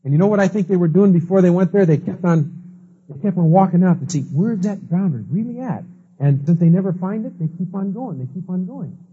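Husky, mellow-toned man teaching a class in a lively storytelling way, dull lo-fi tape. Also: sits high, quick pace. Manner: storytelling, acts out quoted people. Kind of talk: lecture with anecdotes. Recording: dull lo-fi recording.

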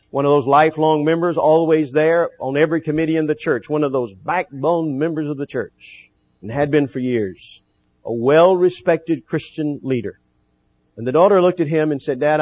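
Preacher guy, kinda high voice, slows way down to hammer his points. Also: darkish tone. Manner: earnest preaching, slows and stresses key phrases. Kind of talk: sermon.

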